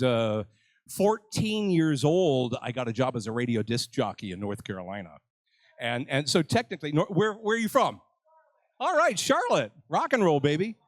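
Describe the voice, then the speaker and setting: A man's voice: mid-range voice, no echo. An older man hosting a live convention panel, joking with the crowd and mocking himself. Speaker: panel host. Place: convention stage.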